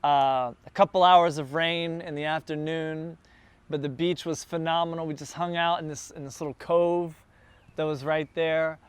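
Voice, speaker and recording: A man who is a church planter, telling a casual, animated story to a group gathered in a backyard. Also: a little high, moderate pace, clean tone, no room sound. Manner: animated, builds excitement as the story goes on. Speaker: church planter addressing his launch team.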